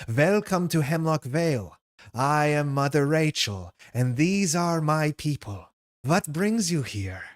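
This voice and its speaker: A man voicing an imposing gray-haired village matriarch in a board game reading, speaking in a stately, measured way. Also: fairly high pitch, animated, voice pushed up. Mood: welcoming.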